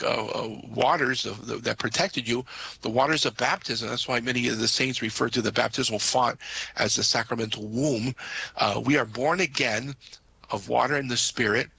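A man's voice: medium pitch, vocal fry, bright, forceful tone, slightly rough, poor audio. A man, a Catholic priest, patiently explaining doctrine to listeners on a call-in radio show, with frequent "uh" fillers.

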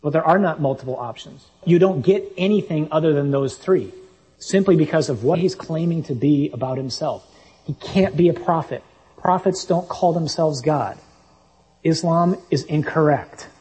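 A man's voice: fairly high pitch, moderate pace, warm tone, rough recording. A man preaching a sermon, reading scripture aloud and making his points with emphatic, punchy delivery.

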